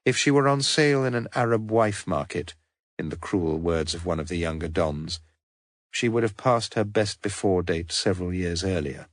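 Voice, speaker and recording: Male audiobook narrator, lowish voice, dry close sound, measured storytelling. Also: expressive, no room sound. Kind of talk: scripted narration.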